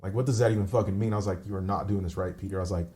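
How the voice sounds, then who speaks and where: A man in his forties, low in pitch and dark in tone, talks through a painful personal story as a podcast guest. He is candid and loose, rambling and swearing casually as he goes. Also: fairly even intonation, rapid-fire. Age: 40s.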